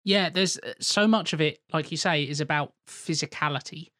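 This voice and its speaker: A man's voice: fairly high pitch, moderate pace, bright, forceful tone, no echo, clean studio sound. A man co-hosting a podcast, laying out long, articulate arguments in casual chat.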